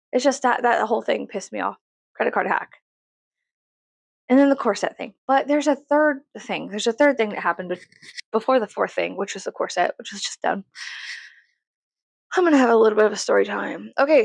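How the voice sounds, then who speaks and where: A woman's voice: mid-range voice, vocal fry, no room sound. A woman, venting profanely and animatedly in a story-time vlog. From Texas, USA. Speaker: vlogger.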